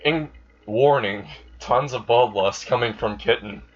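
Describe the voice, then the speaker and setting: A man's voice: mid-range voice, unhurried, lightly acted. A man voicing a magical advisor in a plain, matter-of-fact way, on a dull lo-fi recording. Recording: dull lo-fi sound.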